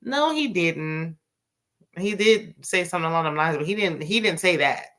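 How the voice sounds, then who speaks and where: A low-pitched, slightly bright female voice moves at a moderate pace. The TV recap host breezes through a drama's events with sass, slang and lots of asides in a casual chat.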